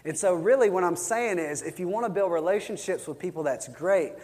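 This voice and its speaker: A man's voice: sits high, animated, brisk, a little mellow, long reverb tail. A man teaching a church class on evangelism, telling Bible stories conversationally and acting out the quotes. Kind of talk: teaching a class from worksheet notes.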